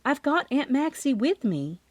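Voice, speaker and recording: Woman doing a young woman sleuth, audiobook, upbeat, slightly higher, lively, dry close sound. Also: measured pace, no echo. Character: cheerful young woman coffee-shop owner, amateur sleuth.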